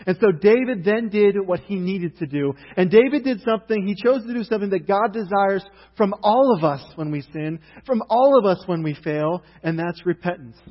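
A man preaching a sermon, retelling a story with animated emphasis and building intensity. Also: high voice, long reverb tail, highs cut off.

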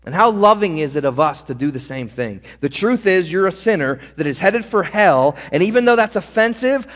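A man preaching a sermon as pastor, earnest and direct, speaking straight to his listeners. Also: a little high. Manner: earnest, direct, addresses the congregation. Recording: long hall reverb.

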